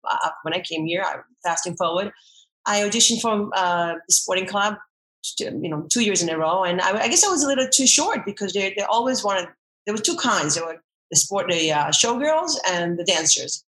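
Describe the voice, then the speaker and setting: A woman's voice: mid-range voice, moderate pace. Middle-aged woman telling stories in an echoey room. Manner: rambling, restarts often, animated storytelling. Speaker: guest, former dancer and army veteran. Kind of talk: casual interview chat.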